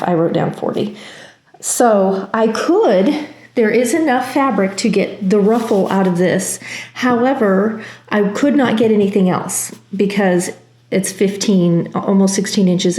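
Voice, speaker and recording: A woman with a mid-range, darkish voice talks casually through a sewing project as a sewing vlogger. She thinks aloud and weighs her choices, saying um often. It's recorded in an echoey room.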